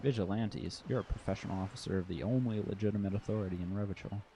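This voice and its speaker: A man's voice: lowish voice, fast, dark tone, faint music behind, natural voice. A man reading the lines of a dry, methodical police lieutenant, terse and matter-of-fact.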